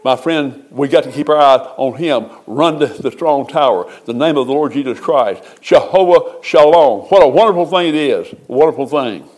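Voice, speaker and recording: A male pastor preaching in a folksy, conversational way, moving between soft asides and slow, drawn-out emphasis. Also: medium pitch, expressive. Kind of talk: sermon.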